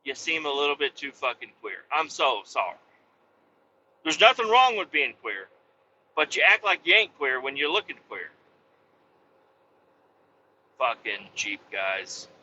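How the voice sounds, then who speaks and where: A man hosting a comedic rant, swearing constantly, mocking and shouting in bursts. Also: on the high side, very animated, normal speed, lo-fi sound, a little hiss or hum. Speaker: host.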